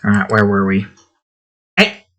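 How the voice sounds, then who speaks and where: A man's voice: mid-range voice, moderate pace, fairly bright tone. A man talking casually to himself while drawing digital art, muttering about his work and snapping at his cat. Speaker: artist drawing on stream.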